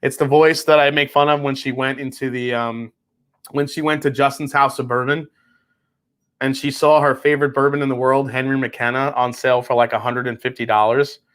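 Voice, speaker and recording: His voice is medium in pitch, level in tone, a bit bright, and fairly quick. As a whiskey reviewer running a live tasting stream, he chats in an easygoing manner, laughs easily, and swears offhandedly from time to time.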